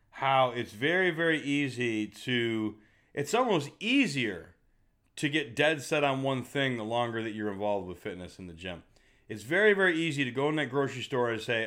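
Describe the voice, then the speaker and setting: A man's voice: medium pitch, a bit bright. A middle-aged man doing a profane, heated rant to camera as a fitness vlogger. He talks bluntly and swears constantly.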